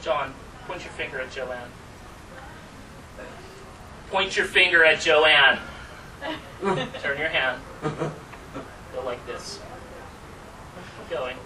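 A slightly high-voiced man draws out his words and leaves long pauses while demonstrating magic to a small group at a live workshop. He's chatty and teasing with theatrical asides, and the recording is distant with audible room noise.

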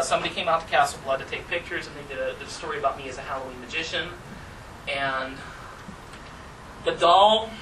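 Guy telling magic stories to a crowd, lively and laughy, far off mic, noisy room. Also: on the high side. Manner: animated, chatty, laughs at his own stories. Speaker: magician giving a talk. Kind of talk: casual workshop talk. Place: room with an audience. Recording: distant mic with background noise.

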